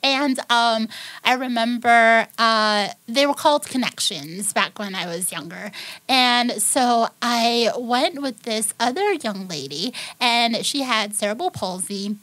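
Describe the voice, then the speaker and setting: Brief: woman guest, lively storyteller, a bit high-pitched, earnest about her faith, podcast interview. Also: slow pace, low-quality recording. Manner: animated, acts out the people in her story. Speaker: guest singer. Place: recording studio.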